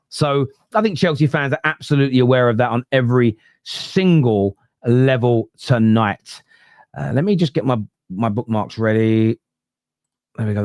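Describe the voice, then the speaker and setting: A man's voice: mid-range voice, darkish tone, dry recording, studio quality. A man hosting a football fan podcast live, chatting frankly and reacting to viewer messages. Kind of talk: casual live-stream chat.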